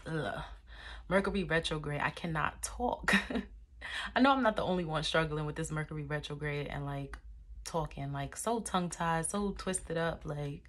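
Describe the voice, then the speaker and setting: A young woman with a low voice chats her way through a tarot reading, loose and laughing, dropping the odd swear. She is recorded on a phone camera indoors, with a faint hiss under her voice. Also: fairly bright tone. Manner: chatty, laughing, swears casually. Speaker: tarot reader. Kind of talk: casual chat, tarot reading. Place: dim room indoors.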